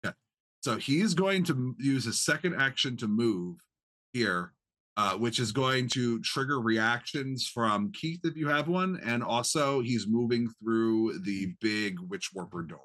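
A man's voice: mid-range voice, a little slow. A man running a tabletop game as game master, explaining rules and narrating the enemy's moves. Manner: animated, explains rules, voices reactions.

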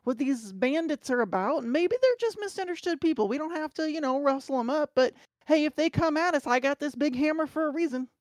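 A woman's voice: high-pitched, animated, fairly quick, a little mellow, no room sound, voice pushed up. A woman voicing an older, big, hammer-swinging woman fighter in a put-on Southern US accent, folksy and easygoing.

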